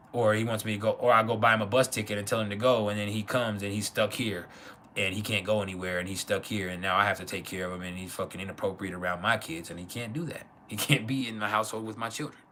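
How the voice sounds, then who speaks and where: A man's voice: fairly low pitch, fairly even intonation, fast, sharp tone, a little hiss or hum. A young man hosting an astrology livestream, telling a personal family story in a candid, rambling, emotional way with plenty of swearing.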